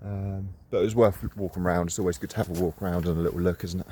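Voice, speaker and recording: A fairly low-voiced man rambles in an easy, self-deprecating way while he walks outdoors, slightly out of breath. Faint open-air noise sits under his voice. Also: steady tone, rapid-fire, warm tone. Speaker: carp fishing vlogger. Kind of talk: casual walk-and-talk vlog. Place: outdoors by a lake.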